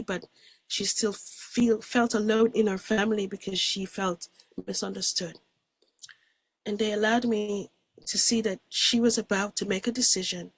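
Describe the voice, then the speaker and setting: A woman giving an earnest, reflective spiritual testimony as a guest, speaking softly and often dropping to a hush. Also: mid-range voice, breathy edge, dry recording. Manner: soft-spoken, reflective and earnest. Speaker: guest describing a near-death experience.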